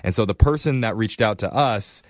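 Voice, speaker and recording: A man's voice: fairly low pitch, moderate pace, no echo, clean studio sound. Teasing male radio host. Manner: teasing, blunt. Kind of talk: joking radio prank call.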